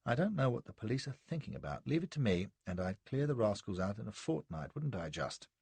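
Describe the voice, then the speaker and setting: A man voicing a cheerful, teasing English adventurer in his forties with a brisk manner. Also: lowish voice, sing-song, creaky, a little mellow, slightly rough, dry recording, heavily acted. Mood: jovial. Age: 40s. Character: hearty, grinning middle-aged English adventurer man.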